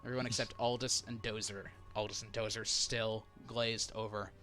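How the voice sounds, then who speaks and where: Bright-voiced man running a tabletop game. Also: on the low side, level tone, faint music behind. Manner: brisk, plain narration with asides to players. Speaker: dungeon master.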